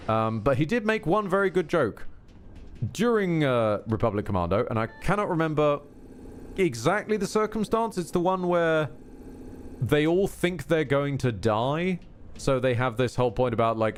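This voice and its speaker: A man chatting through a live game stream, wandering off on tangents and catching himself mid-sentence. His pitch swings widely, and a faint hiss sits under the voice. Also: sing-song, normal speed. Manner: rambling, self-interrupting, wry asides. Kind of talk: casual live gameplay commentary.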